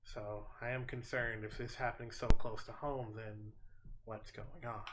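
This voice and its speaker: A man's voice: medium pitch, steady tone, unhurried, noisy background, close to an everyday voice. A man doing a worried motherly woman. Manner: affectionate, then anxious and concerned. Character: warm, worried middle-aged mother.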